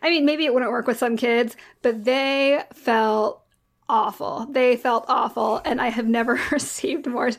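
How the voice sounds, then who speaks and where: A woman's voice: on the high side, measured pace. A woman who is the mother of young girls, telling a story in casual chat and acting out the dialogue. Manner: animated storyteller, acts out dialogue.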